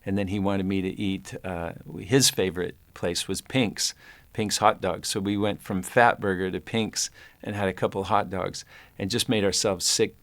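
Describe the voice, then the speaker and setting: A low-pitched man in his sixties recalls a film role in a reflective interview. He talks slowly and thoughtfully, with many fillers and restarts. The recording sounds dry and close, with no room echo. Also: fairly even intonation, a bit bright.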